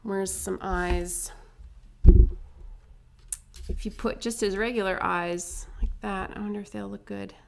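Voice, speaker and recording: A woman giving a casual face painting tutorial, chatty and upbeat, full of asides and quick tag questions. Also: medium pitch, steady tone, gravelly, background noise.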